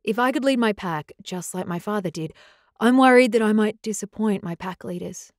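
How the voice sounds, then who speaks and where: A woman voices a stern, curt young male werewolf alpha in an audiobook, sounding disapproving. Her medium-pitched voice is close to everyday speech at normal speed, recorded dry with studio quality.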